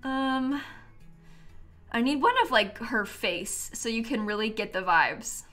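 A young adult woman chatting casually on a live stream, animated and prone to breaking into laughter. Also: a little high, slow pace, soft background music.

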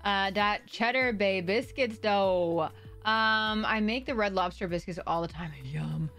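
A woman's voice: medium pitch, unhurried, a bit bright, faint music behind. A woman livestream host chatting casually with viewers, bubbly and rambling as she reads chat aloud.

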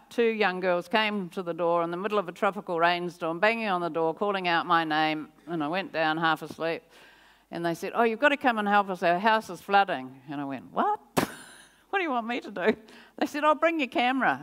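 An older woman giving a personal testimony as guest speaker in a church service, telling her story in a lively way, acting out her own reactions and laughing often. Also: lowish voice.

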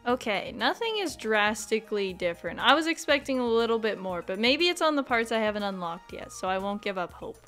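A young woman hosting a let's play, chatting bubbly and excitable, bursting into squeals. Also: on the high side, fairly quick, hardly any pauses, faint music behind. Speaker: gaming channel host.

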